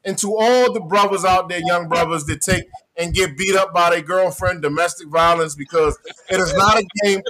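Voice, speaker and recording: A man's voice: high voice, steady tone, normal speed, few pauses, crowd noise, rough recording. A man co-hosting a casual talk show, blunt and profane, speaking with emphatic force. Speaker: podcast co-host. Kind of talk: casual banter.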